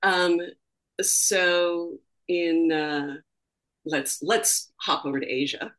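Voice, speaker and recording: A woman's voice: fairly low pitch, very slow, fairly bright tone, low-quality recording. A woman guest in a casual chat, answering in an easygoing way from home over a video call.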